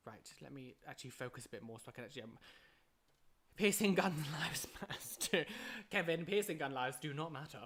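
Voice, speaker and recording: Bright, chatty live streamer. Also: mid-range voice, a little fast, a little hiss or hum. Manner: chatty and excitable, hums filler tunes, laughs often. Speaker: live streamer answering chat. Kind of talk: casual live-stream chat.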